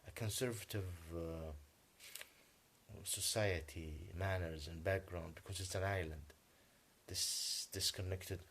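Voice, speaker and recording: A native Arabic-speaking man delivering a rambling, agitated monologue in English, halting often and clearing his throat. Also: low voice, fairly even intonation, a bit bright, slight background noise. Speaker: vlogger.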